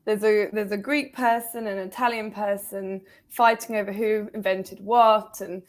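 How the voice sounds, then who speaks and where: A woman with a mid-range voice co-hosts a relaxed podcast conversation. She tells jokes and short anecdotes in an easy, chatty way. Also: mid-range voice, normal speed. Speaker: podcast co-host. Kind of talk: casual chat.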